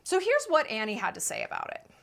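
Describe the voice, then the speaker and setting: A woman's voice: a little high, huge pitch swings, quick pace, gravelly, a bit bright. A woman in her thirties hosting a sarcastic commentary rant, incredulous and emphatic. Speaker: commentary YouTuber.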